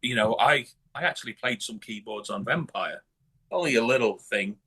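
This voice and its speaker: A man's voice: medium pitch, lively intonation, normal speed, pushed and bright, breathy edge. A man from northern England talking bluntly in a casual interview, swearing a lot and restarting his sentences. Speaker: guest musician.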